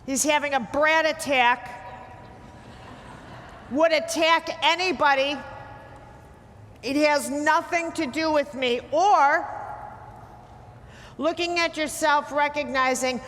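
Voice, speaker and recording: Blunt high-voiced woman lecturing in a hall. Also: slow pace, pauses often, a bit bright, slight background noise. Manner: blunt, emphatic, teasing. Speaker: speaker giving a talk. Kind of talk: lecture to a live audience. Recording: hall reverb with faint ambience.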